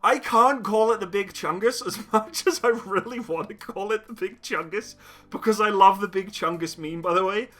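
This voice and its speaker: A man's voice: high-pitched, moderate pace, pushed and bright, faint music behind. A young man hosting a casual live chat stream, reading out donations and laughing often at himself. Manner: laughs often, giggly and self-mocking. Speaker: livestream host reading donations.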